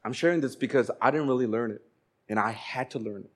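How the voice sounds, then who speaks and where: Man preaching with animated storytelling. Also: mid-range voice, quick pace. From Korea. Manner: animated storytelling, acting out dialogue. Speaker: pastor. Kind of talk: sermon.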